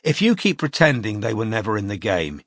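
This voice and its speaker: A man voicing a businesslike male detective who questions calmly and without sympathy. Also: lowish voice, brisk, dry recording, studio quality, heavily acted. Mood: remorseless. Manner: calm, unsmiling, remorseless.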